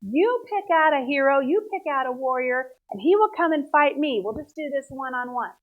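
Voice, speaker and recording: A woman's voice: sits high, expressive, normal speed, pitched above the performer's own voice. A woman voicing a boastful giant warrior who taunts and challenges his enemies, in a Bible story. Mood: taunting. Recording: tinny phone-like sound.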